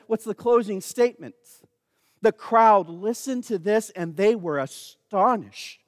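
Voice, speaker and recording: High-voiced preacher giving an emphatic sermon. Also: male voice, dry recording, studio quality, big-room sound. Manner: emphatic, calls on the congregation.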